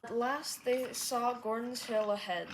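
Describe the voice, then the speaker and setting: Slow, deliberate woman storyteller. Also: on the high side, fairly even intonation, reverberant, background noise. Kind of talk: storybook reading aloud.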